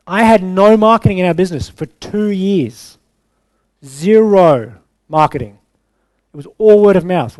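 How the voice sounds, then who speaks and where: A man's voice: high voice, darkish tone, dry recording. A man who is a business coach, giving a punchy bootcamp talk to a live audience, checking in with "okay?" and swearing for emphasis.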